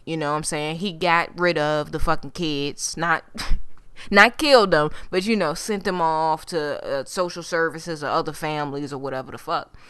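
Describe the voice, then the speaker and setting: A woman's voice: deep voice, smooth, no room sound. A woman giving a casual, profane and sassy recap of a TV episode, talking straight to her viewers. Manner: profane, sassy and animated, heavy swearing; chatty with fillers, addresses viewers as y'all. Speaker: TV recap vlogger.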